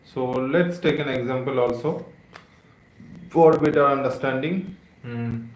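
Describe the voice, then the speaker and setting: Slow, echoey-voiced male English teacher. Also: medium pitch. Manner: slow, repeats words, many "okay" and "uh" fillers. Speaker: English teacher on a live stream. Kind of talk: live-streamed vocabulary lesson.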